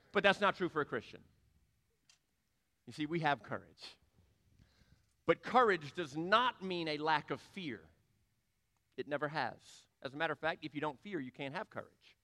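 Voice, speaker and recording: A man's voice: a little high, lively intonation, moderate pace, long pauses, sharp tone. A male pastor preaching a sermon in an emphatic, repetitive cadence. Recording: long reverb of a large hall.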